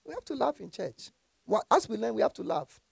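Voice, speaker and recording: Male pastor, animated sermon delivery, husky voice, very expressive pitch, often laughing. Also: a little fast, no echo. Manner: animated, laughing often, swinging from quiet to shouting. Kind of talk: lively sermon with scripture reading.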